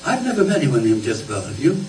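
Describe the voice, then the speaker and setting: A man's voice: mid-range voice, big pitch swings, quick pace, a little mellow, faint music behind. Folksy preacher man in a roomy hall. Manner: folksy, conversational, repeats words. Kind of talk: sermon. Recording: roomy, distant, faint ambience.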